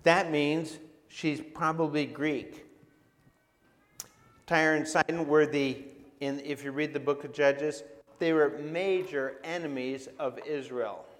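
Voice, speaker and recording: A man's voice: a little high, fairly even intonation, takes it slowly. Conversational preaching man in a reverberant hall. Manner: conversational, asks the audience questions. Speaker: pastor. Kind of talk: sermon.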